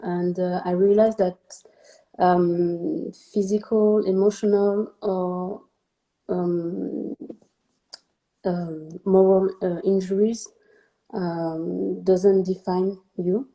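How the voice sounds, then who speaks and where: A woman with a French accent, a native French speaker, answering in halting English with many pauses and fillers. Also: on the low side, flat delivery, mellow. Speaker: guest, younger sister. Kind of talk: emotional interview answers.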